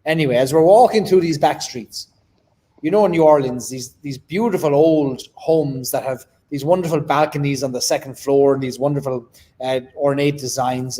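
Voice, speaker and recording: A man's voice: on the high side, normal speed, mellow. A man hosting a casual chat, teasing his guest and telling stories. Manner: chatty, teasing storyteller. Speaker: host.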